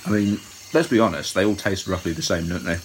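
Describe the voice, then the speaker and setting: A man with a very low voice, trading dry, wry banter as a podcast co-host. A faint wash of crickets and insects hums behind him. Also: fast, a little hiss or hum. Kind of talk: casual chat.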